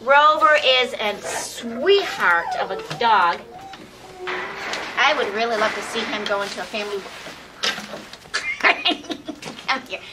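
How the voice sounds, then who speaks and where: A woman's voice: a little high, lively intonation, measured pace. A woman presenting shelter dogs for local TV, out of breath as she handles them, coaxing them and laughing between lines. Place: outdoors by a fence with dogs. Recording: noisy local TV recording.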